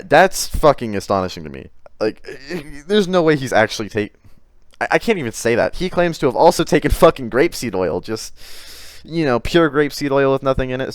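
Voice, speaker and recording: With a clear, resonant mid-range voice recorded at studio quality with no echo, a man comments on chat messages for YouTube. He's exasperated and profane, frequently stumbling over words and restarting.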